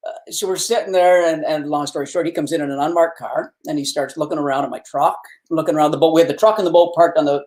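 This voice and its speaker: A middle-aged man with a Canadian accent spins a long, rambling anecdote in easygoing conversation. His voice sits a little higher than most men's, and he restarts and circles back as he goes. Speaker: guest, fishing show host. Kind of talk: casual storytelling.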